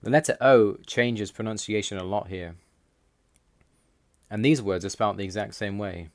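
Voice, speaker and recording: Man, lower voice, measured voice-over explainer for a language lesson. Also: dry recording. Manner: measured, reads out word lists slowly. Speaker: language learner explaining Russian.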